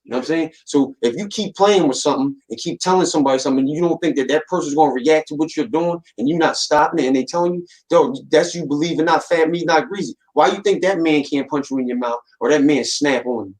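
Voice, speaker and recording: A man hosting a casual chat, talking in animated street slang with lots of repeats. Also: fairly high pitch, fast, few pauses, poor audio. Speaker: host. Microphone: desk mic.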